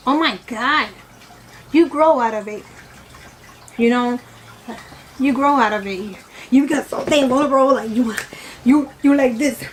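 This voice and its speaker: A woman vlogger eats while chatting casually about her opinions, her high-pitched voice measured in pace with long pauses. She rambles, uses lots of "you know" fillers, and corrects herself as she goes. The recording is rough, with slight background noise.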